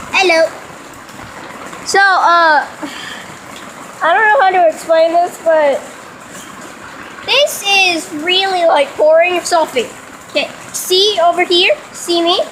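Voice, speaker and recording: High-pitched child vlogging in rain. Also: fairly bright tone, poor audio. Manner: rambling, sarcastic commentary. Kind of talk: casual phone vlog. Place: outdoors in heavy rain. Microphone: phone camera held in hand. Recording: faint rain noise behind.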